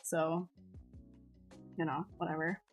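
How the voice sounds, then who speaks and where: A woman's voice: low voice, little pitch movement, takes it slowly. A woman streamer chatting casually with her viewers, bubbly and talkative, laughing often and restarting her sentences. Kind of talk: casual chat with live chat. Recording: faint music behind.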